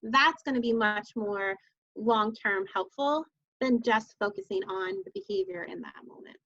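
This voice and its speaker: A woman speaks as an interview guest, calm and teacherly, with a brightness to her voice that sits a little above the usual pitch. She laughs easily between points. The sound is dry and a bit dull, like a video call. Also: moderate pace, vocal fry, dry recording. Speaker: guest sleep consultant. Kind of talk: explanatory interview talk.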